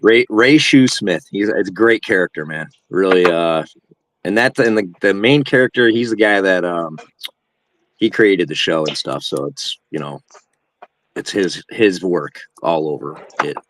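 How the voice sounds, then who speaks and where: Deep-voiced relaxed male co-host. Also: unhurried, no room sound, rough recording. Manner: relaxed, enthusiastic, chatty. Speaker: stream co-host. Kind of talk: casual chat.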